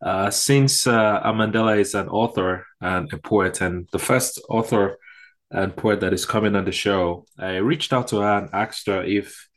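Male podcast host, low deep voice, casual, hesitant, lots of uh and um. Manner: hesitant, many fillers.

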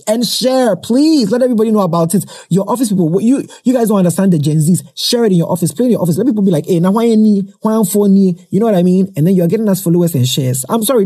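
A man's voice: high-pitched, warm tone, slightly rough. A man hosting a podcast in a chatty, playful way, cheerfully plugging the show. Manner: chatty, playful, self-promoting. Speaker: podcast host. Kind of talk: casual podcast chat.

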